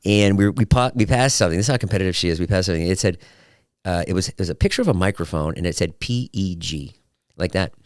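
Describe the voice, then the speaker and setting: Man, podcast host, casual solo chat, lowish pitch, dry close mic. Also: rapid-fire, no room sound. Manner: animated storyteller, acts out quotes.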